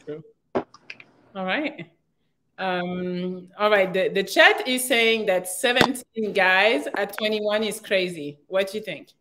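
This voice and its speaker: A woman's voice: mid-range voice, slow pace, noisy background. A woman hosting a live dating stream, chatting casually with callers and laughing often. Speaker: host of a live dating show.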